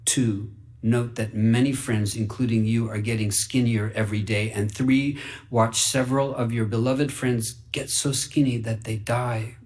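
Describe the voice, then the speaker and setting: A man reading a fable aloud for radio in an earnest, wide-eyed way, dropping to hushed whispers and rising into excited bursts. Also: medium pitch, a little slow. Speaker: story reader.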